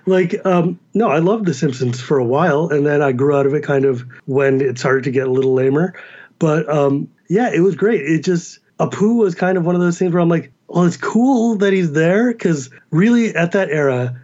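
An American man with a Californian accent, a guest chatting casually and animatedly, with quick asides and laughs. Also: on the high side, darkish tone, muffled recording. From United States. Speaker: podcast guest. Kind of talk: casual chat.

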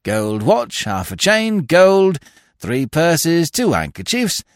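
A man voicing a jovial, mocking male jailer who calls out items loudly and emphatically. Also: a little high, very animated, slow pace, dry recording, clean studio sound, pitched above the performer's own voice.

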